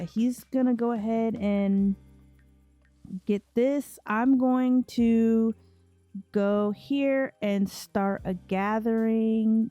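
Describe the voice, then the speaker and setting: A woman's voice: mid-range voice, dark tone, muffled recording. A woman casually commenting on her gameplay in a chatty way, talking to her characters as she plays. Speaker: let's play host.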